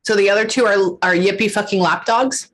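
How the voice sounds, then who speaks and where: A woman's voice: mid-range voice, a bit bright. Chatty woman giving a reading. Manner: emotional, keeps pausing to say hold on, swears casually. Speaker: psychic medium. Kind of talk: casual reading session. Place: lives in Texas.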